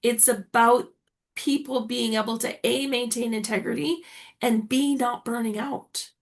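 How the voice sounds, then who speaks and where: A woman's voice: on the high side, fairly even intonation, unhurried. A woman hosting an online summit interview, enthusiastically praising her guest and asking follow-up questions. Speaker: summit host.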